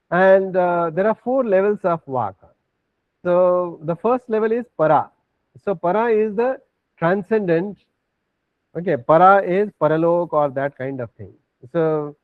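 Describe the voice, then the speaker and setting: Male lecturer, fairly high voice, explanatory, thin phone-like call audio. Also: no echo. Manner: explanatory, checks in with frequent "okay". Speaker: teacher. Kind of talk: online class lecture. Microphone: video call.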